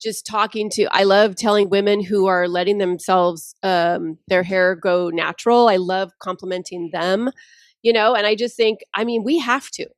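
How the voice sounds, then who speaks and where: A woman's voice: medium pitch, fairly even intonation, moderate pace, dry recording, studio quality. A middle-aged woman co-hosting a podcast in casual chat. She speaks frankly and emphatically, often poking fun at herself. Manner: frank, self-mocking, emphatic. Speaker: podcast co-host.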